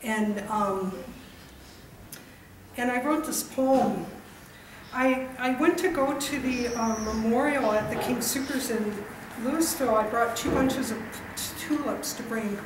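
A woman poet giving a reading in a gallery wine bar, reciting slowly and chatting loosely between poems. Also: on the high side. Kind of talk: poetry reading with chatty asides. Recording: echoey room from far off with noise.

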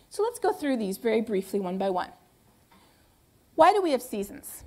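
A higher-voiced woman giving a lively lecture. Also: vocal fry. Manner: asks rhetorical questions and answers them herself; conversational and emphatic. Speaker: guest lecturer. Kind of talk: public lecture with slides.

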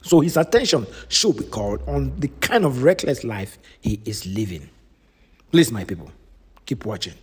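Earnest man, husky and lively. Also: mid-range voice, moderate pace. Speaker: video commentator. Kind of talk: earnest commentary to viewers. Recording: reverberant room.

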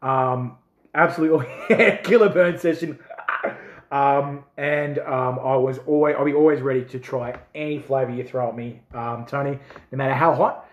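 A man reviews chili jerky in a casual vlog. He is excitable and swears freely as the burn hits. His voice sits at a medium pitch and rings out in an echoey room. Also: normal speed. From Australia. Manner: excitable, swearing, laughing through chili heat. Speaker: food reviewer.

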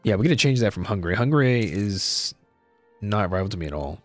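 A man's voice: fairly low pitch, animated, quick pace, no room sound, soft background music. Chatty young man narrating his strategy game. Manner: chatty, thinks aloud, repeats himself, says "dude". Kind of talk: casual let's-play commentary.

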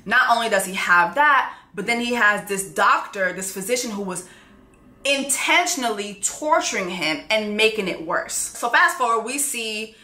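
A woman recapping a TV show in a brash, animated manner, swearing freely as she goes. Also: mid-range voice, moderate pace. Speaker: show reaction host. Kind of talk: profane TV recap commentary. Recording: echoey room.

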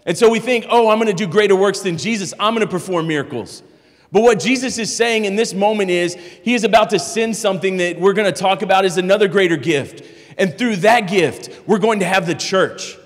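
A man's voice: high-pitched, normal speed. A man preaching a sermon in a conversational, explaining way, often restarting his phrases. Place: church sanctuary. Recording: long church hall reverb.

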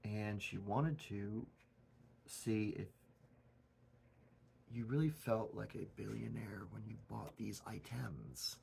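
A man hosting his own channel in a goofy, erratic comedic monologue, swinging from loud outbursts to mumbled asides. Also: lowish voice, expressive, takes it slowly, vocal fry, pauses often, slight background noise. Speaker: channel host.

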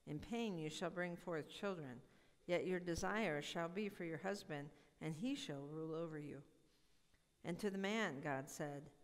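A measured, solemn voice reads scripture aloud at a middle pitch. The words ring out into a church sanctuary with a long reverb tail. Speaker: scripture reader. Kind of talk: formal scripture reading.

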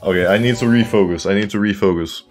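A man casually commenting on his own game as he streams, excitable, often laughing and talking to his viewers. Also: on the low side, quick pace. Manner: excitable, laughing, talks to chat.

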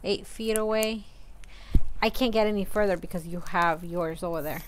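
A woman's voice: mid-range voice, normal speed, poor audio. Casual woman vlogger, mid-range voice, chatty and giggly, faint hiss. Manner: chatty and giggly, with loose fillers. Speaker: vlogger reviewing a lapel microphone. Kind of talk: casual product-test vlog.

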